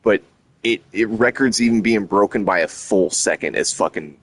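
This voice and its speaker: A man streaming and chatting casually, rambling and swearing a lot as he gets excited. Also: on the low side, moderate pace, slight background noise. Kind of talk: casual chat.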